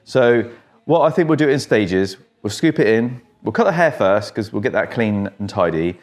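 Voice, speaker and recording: A man's voice: fairly low pitch, big pitch swings, normal speed, a little mellow, faint music behind. An English man working as a barber, chatting and telling jokey stories to his client while cutting hair in a barbershop. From England. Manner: chatty, joking storyteller.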